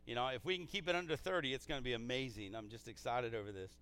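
A man pastor preaching a sermon in a church, casual and energetic, with frequent restarts. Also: medium pitch, fast, clear, resonant tone, dry recording. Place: church sanctuary.

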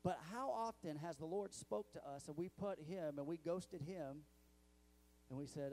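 Mellow-voiced young male pastor preaching. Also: a little high, unhurried. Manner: storytelling and conversational, with many restarts. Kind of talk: sermon. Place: church sanctuary.

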